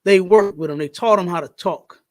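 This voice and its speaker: A man's voice: sits high, a little fast. A man hosting a podcast in casual chat, talking in an emphatic, preachy way and repeating his points. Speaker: podcast host.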